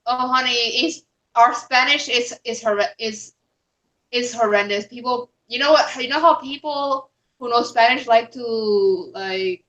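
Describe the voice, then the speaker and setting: A woman's voice: on the high side, a little slow, a bit bright. A woman taking part as a guest panelist in a casual live chat over a video call, often searching for words and restarting her sentences. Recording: dull lo-fi call audio.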